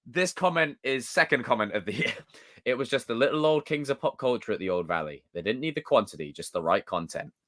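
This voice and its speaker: Lively-pitched streamer guy. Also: a little fast. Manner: excitable, swearing, jumpy and joking. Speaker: livestream host. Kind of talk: live chat, reading viewer comments.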